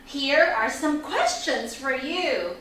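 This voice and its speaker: A woman teaching an online English lesson for children, energetic and upbeat, leading repeat-after-me drills. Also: sits high, takes it slowly, slight background noise. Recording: echoey room, mic at a distance.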